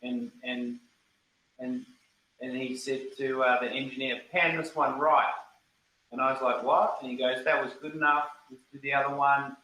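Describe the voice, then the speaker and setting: A man's voice: medium pitch, fairly even intonation, normal speed, pushed and bright. A man, a band guitarist telling a studio story in a casual interview, rambling and acting out quotes. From New Zealand. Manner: rambling, repeats words, acts out quotes. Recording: roomy echo, faint background noise.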